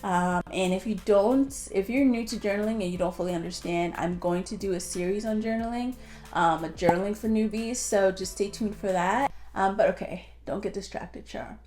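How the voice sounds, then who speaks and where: A woman's voice: medium pitch, normal speed, a little mellow. A woman vlogger talking casually to her viewers about motivation, rambling a little and filling gaps with "like". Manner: chatty, heavy use of "like", light self-laughing. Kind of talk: casual talk to camera.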